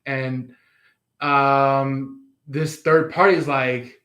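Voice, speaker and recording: A man's voice: mid-range voice, slow, a bit bright. A man giving a casual tarot reading, rambling with many fillers and restarts. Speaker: tarot reader.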